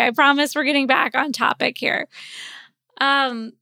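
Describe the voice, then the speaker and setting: A podcast host in her forties tells a personal story in a high, steady, gravelly voice with a sharp tone, at a measured pace. She's candid and rambling, with many fillers, seeming a little sleepy and yawning. The recording is studio quality with no echo.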